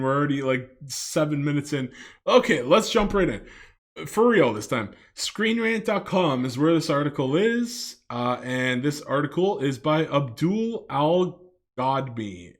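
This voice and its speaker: Casual commentator: a man from Canada with a slightly higher voice, chatty, filler-heavy, rambling. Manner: loose and chatty, full of fillers and swearing. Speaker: video commentator.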